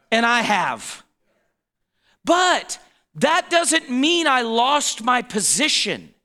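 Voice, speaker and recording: A man in his forties delivers a sermon in a high, bright voice. He talks slowly and deliberately, with a lively lilt that rises and falls. He keeps checking that his listeners are following along. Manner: conversational preaching with frequent check-ins and laughter. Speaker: pastor.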